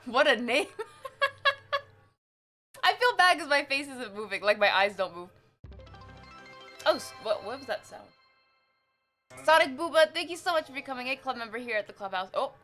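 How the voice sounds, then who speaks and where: Laughing often and full of excitement, a woman eats during a live stream, talking casually to her audience and reading out their messages. She speaks briskly in a slightly high voice, with faint music behind her.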